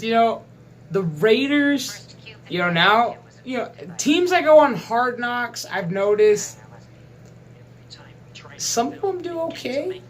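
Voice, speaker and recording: A channel host in a casual, rambling sports chat to camera, swearing freely and chuckling often. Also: mid-range voice.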